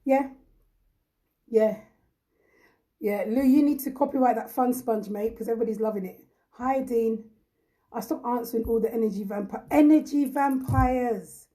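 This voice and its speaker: A woman from Ghana hosting a casual live chat, her voice mellow and set a little high. She talks bluntly and emphatically, hammering points home by repeating them and reading viewers' comments aloud. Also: moderate pace, pauses often, low-quality recording. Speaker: host.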